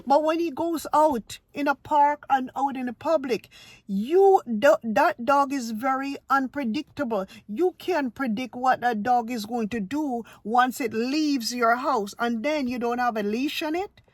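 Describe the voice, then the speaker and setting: A woman's voice: high voice, measured pace, dry recording. A woman from Ohio talks straight into her phone in a casual vlog. She lectures emphatically, circling back to hammer her points home. The sound is dry and close, with no room around it. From Ohio, USA. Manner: emphatic, lecturing, repeats herself. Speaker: vlogger.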